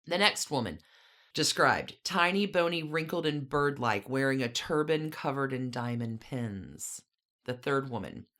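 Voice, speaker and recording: Low-voiced woman, podcast co-host, casual storyteller with dry asides. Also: fairly bright tone.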